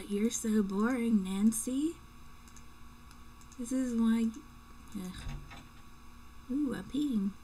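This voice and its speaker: Slow-talking young woman joking over a game. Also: a little high, warm tone, slight background noise, poor audio. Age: young adult. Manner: chatty and joking, with playful whispered asides. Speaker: let's play gamer. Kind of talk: casual gameplay commentary. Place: home room at night.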